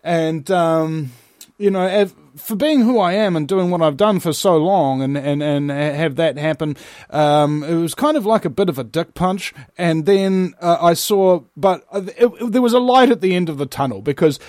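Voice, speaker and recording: A man hosting a talk show, ranting in an animated way and swearing often. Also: a little high, moderate pace, dry recording, studio quality.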